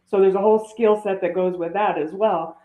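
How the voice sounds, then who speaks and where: A woman's voice: medium pitch, steady tone, fairly quick. A woman guest speaks on a podcast over a thin, phone-like line. Her voice rings in a roomy, echoey space. She explains earnestly, restarting phrases as she goes. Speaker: guest author and coach. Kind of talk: podcast interview.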